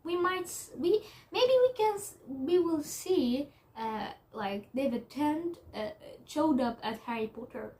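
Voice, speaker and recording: A young adult woman in a casual vlog commentary, talking haltingly with lots of fillers and restarts. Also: high voice, expressive, darkish tone. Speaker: YouTuber.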